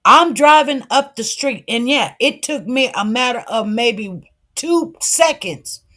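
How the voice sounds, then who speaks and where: Woman on a livestream chatting to her viewers, kinda high voice, animated storyteller, repeats herself a lot. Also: slow. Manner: animated, repeats herself, acts out quoted dialogue; addresses viewers directly. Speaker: livestream news commentator. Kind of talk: casual storytelling commentary.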